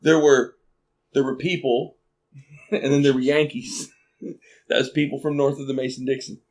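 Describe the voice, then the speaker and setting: A man from Arkansas with a Southern accent, co-hosting a casual podcast chat, animated and laughing often. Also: medium pitch, normal speed. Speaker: podcast co-host.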